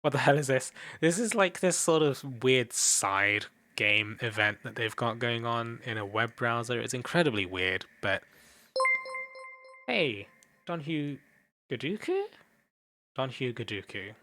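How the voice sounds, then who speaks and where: A man's voice: medium pitch, unhurried, sharp tone. A young man casually commenting on a game while streaming, chatting with viewers and swearing offhandedly.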